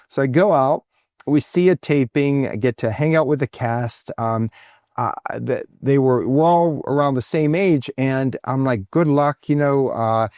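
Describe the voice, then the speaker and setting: A man in his fifties, a guest in a casual interview, telling stories in a halting way with many fillers and restarts. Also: no room sound, studio quality. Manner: animated, acts out quoted speech with lifted pitch. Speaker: guest artist.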